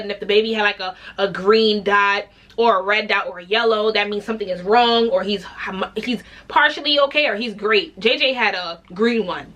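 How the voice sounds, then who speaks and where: A young woman with a slightly high voice tells a story in a casual vlog. She's animated and candid, swears freely, and acts out other people's voices.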